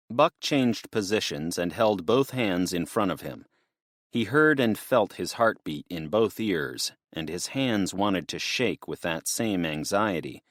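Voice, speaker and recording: Deep-voiced male audiobook narrator. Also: dry recording, studio quality. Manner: steady, measured storytelling.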